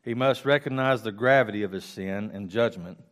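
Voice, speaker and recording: Low-voiced man teaching a Bible lesson. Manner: reads scripture aloud then repeats it slowly with restarts; casual asides to listeners. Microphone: close microphone.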